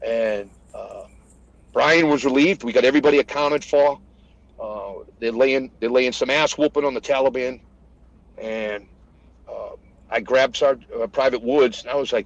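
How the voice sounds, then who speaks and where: A retired American master sergeant, a man, retelling combat stories in casual conversation and acting out the shouted lines. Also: mid-range voice, normal speed, dry recording, dull audio. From United States. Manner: animated retelling, acts out shouted quotes. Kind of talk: conversational war storytelling.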